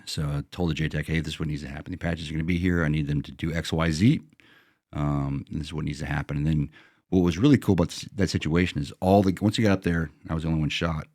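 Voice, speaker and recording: A man's voice: a bass voice, fairly even intonation, fast talker, darkish tone, no echo, studio quality. A middle-aged American veteran man telling a combat story in a plain-spoken, casual way, slipping into quoted self-talk. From United States.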